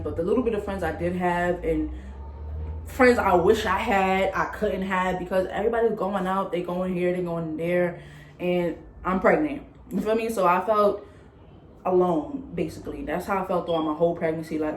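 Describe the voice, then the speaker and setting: A young woman vlogger tells a personal story in a candid, chatty storytime, acting out what others said. Her voice is fairly low, and the echoey room carries faint ambience plus a little hiss or hum.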